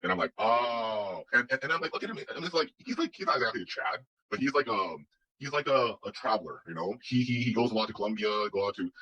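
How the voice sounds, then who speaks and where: A man's voice: lowish voice, animated, quick pace, bright, forceful tone, breathy edge, poor audio. A man telling a personal story in a casual, rambling way, full of restarts and quoted dialogue. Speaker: guest telling his story.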